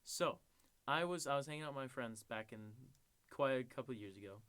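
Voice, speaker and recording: A man's voice: medium pitch, animated, a little fast, a bit bright, clean tone. A young man co-hosting a podcast, telling crude stories in casual chat and laughing as he acts out the people in them. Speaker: podcast co-host.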